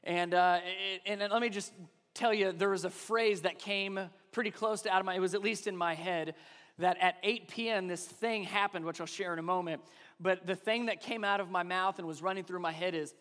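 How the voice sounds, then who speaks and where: Male pastor, high-pitched, lively sermon storyteller, congregation call-and-response, reverberant hall. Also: normal speed. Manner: animated storytelling, acts out phrases, asks congregation to repeat.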